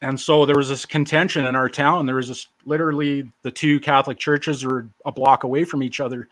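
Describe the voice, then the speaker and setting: A man's voice: mid-range voice, fairly even intonation, a little fast, a bit bright, no echo. A man in his forties tells his life story as an interview guest. He talks casually, with a self-deprecating, joking edge. The sound is dry and close, with no room around it. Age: 40s.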